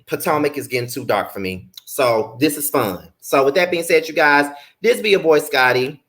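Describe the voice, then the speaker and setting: Young guy ranting about reality tv, bright voice, sassy and cussing, big pitch jumps. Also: animated, moderate pace. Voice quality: blunt, profane, sassy commentary. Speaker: YouTube reality TV reviewer. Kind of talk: casual recap vlog.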